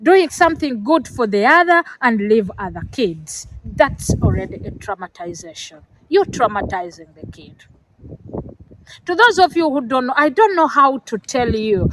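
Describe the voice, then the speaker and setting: Middle-aged african woman vlogging, earnest and lecturing, kinda high voice, gets choked up. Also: fairly bright tone, a little hiss or hum, poor audio. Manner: earnest and lecturing, with fillers and restarts. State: emotional, near tears. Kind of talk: emotional personal talk to camera.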